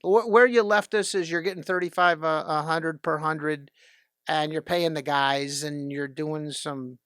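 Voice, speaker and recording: An older man asking probing questions in a casual interview. He stammers and repeats words when he rushes. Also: on the high side, steady tone, a bit bright, clear, resonant tone, no room sound, studio quality.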